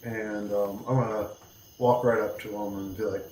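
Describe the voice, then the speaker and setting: Low-voiced player in an echoey room. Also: male voice, flat delivery, moderate pace, a little mellow, a little hiss or hum. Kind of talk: casual tabletop game chat.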